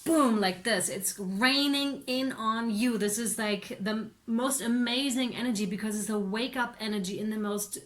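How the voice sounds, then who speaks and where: An excitable woman giving a casual tarot reading, talking straight to her viewers, swearing now and then and laughing often. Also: medium pitch. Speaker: tarot reader.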